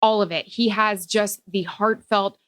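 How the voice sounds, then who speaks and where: Animated nasal woman in her forties. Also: mid-range voice, measured pace, no echo, studio quality. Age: 40s. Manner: animated storyteller. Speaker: podcast co-host. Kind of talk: casual chat.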